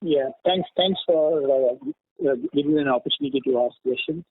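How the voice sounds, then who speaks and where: A man with a higher, animated voice questions company management as an analyst, leaning on fillers as he talks. His voice is gravelly and husky. He comes through a tinny, dry phone line. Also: a little fast, dry recording. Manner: lively, filler-heavy questioning. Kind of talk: earnings call questions.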